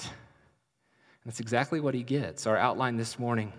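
A man's voice: medium pitch, a little slow, pauses often. Male preacher in a reverberant hall. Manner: dynamic, swings from loud emphasis to soft, hushed delivery. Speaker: pastor. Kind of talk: sermon. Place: church sanctuary. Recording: long reverb of a large hall.

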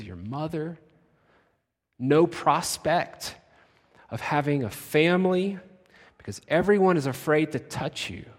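A male pastor preaching a sermon, slow and dramatic, dropping to a hush and then shouting out. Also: on the high side. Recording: long reverb of a large hall.

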